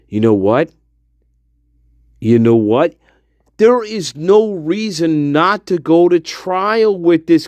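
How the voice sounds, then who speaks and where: A man with a high voice hosts a true-crime discussion channel, giving casual commentary that rambles, includes swearing, and breaks into sudden outbursts. The recording has studio quality with no room sound.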